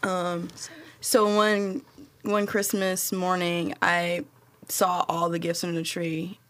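A woman in a casual comedic chat. She tells a childhood story and acts out her own reactions with animated voices. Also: fairly low pitch, slow, slight background noise.

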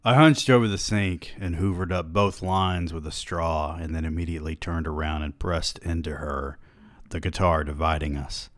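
A man's voice: rumbling low, fairly even intonation, moderate pace, dry recording. A man hosting a podcast who reads a novel aloud in a dry, wry way and breaks in with asides, on a close microphone.

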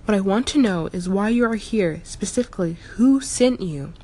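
A woman's voice: mid-range voice, animated, normal speed, warm tone, husky. A woman voicing a wary, protective male house cat who asks anxious, stubborn questions in an audiobook story.

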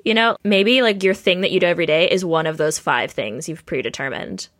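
A woman's voice: fairly low pitch, lively intonation, fairly quick, fairly bright tone. A woman hosting a podcast, chatting casually and talking ideas through on the spot. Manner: upbeat, talks things through on the spot. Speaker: podcast host. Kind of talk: casual chat.

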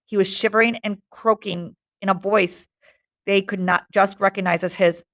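A woman teacher reading a novel aloud to her class in a steady, measured narration. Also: mid-range voice.

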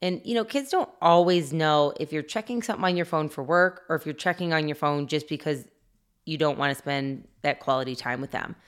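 Middle-aged woman, low and smooth, reflective podcast co-host. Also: brisk. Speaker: podcast co-host, mother of six. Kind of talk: casual conversation.

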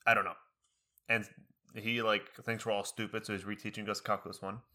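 Bright-voiced young man rambling casually. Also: little pitch movement. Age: young adult. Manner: rambling, jumps into high-pitched impressions of others; quick, many fillers and restarts. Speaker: college student, co-host. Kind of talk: casual chat.

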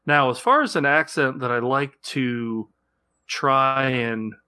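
A man in his thirties co-hosting a podcast, talking in a loose, rambling way. His voice is bright and forward, at an ordinary pitch. The sound is dry and close. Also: slow pace, clear, resonant tone, no echo. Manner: chatty, rambling with restarts and fillers. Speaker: podcast co-host. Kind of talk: casual chat.

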